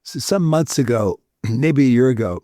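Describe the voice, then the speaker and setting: A man's voice: medium pitch, lively intonation, moderate pace, dark tone, no room sound, clean studio sound, faint music behind. A man, a podcast guest, speaking reflectively and stumbling over repeated words as he thinks aloud. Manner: thoughtful, stammering repetitions. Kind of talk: reflective conversational talk.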